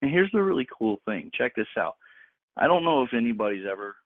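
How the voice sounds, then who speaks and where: A man's voice: mid-range voice, big pitch swings, brisk, no room sound. A man preaching informally to a group on a call, emphatic and slangy, repeating words for stress. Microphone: phone. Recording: tinny dry phone line.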